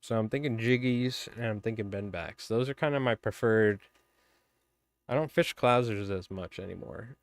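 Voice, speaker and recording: Low, smooth-voiced man chatting on stream. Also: normal speed, no room sound. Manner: rambling, chatty, many fillers. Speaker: fly tying live streamer. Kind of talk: casual live-stream chat with viewers.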